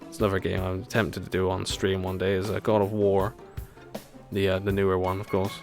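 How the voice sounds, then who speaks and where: A man rambles through a live racing-game stream, laughing at his own jokes as he goes. His voice sits a little low, and game music plays clearly behind him from his home setup. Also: little pitch movement, a little fast. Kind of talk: live gameplay chat.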